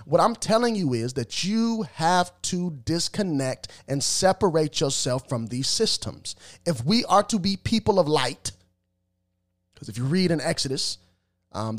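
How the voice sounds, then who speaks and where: A man's voice: a little high, animated, unhurried. A man giving emphatic, preachy commentary with religious references, often repeating words as he stumbles.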